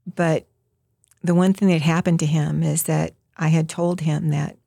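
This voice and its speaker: Middle aged woman, kinda low gravelly voice, earnest story about her family, acts out the quotes. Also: flat delivery, unhurried, warm tone, dry recording, clean studio sound. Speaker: guest, mother telling her daughter's story. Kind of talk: personal storytelling in an interview.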